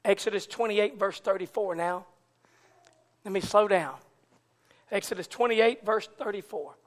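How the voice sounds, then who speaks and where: High-voiced fervent Pentecostal preacher man. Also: unhurried. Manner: fervent, builds from low conversational talk to shouted preaching. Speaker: pastor. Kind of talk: Pentecostal sermon.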